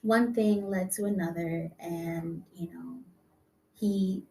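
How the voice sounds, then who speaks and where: A young adult woman speaks as an interview guest, recounting her story in a soft, reflective way that trails off into fillers. Her voice sits a little back from the microphone. A faint hum of room ambience runs underneath. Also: on the low side, steady tone, takes it slowly, distant mic. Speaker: singer-songwriter guest.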